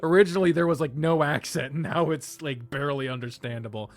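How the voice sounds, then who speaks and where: A man's voice: a little high, fairly quick. A man hosting a let's play, reading a story game aloud with profane laughing asides. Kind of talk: reading a visual novel aloud.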